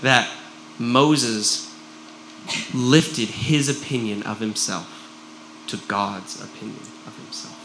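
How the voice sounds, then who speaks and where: A man preaching a sermon to a congregation, animated and jokey, with frequent "right?" asides. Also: on the low side, slow pace, pauses often, a little hiss or hum. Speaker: pastor. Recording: roomy echo.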